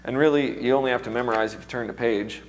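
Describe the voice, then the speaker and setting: A man's voice: medium pitch, quick pace, slight background noise. A man with a strained, recovering voice, teaching music theory to a seminar class in a casual, chatty way and quizzing the students.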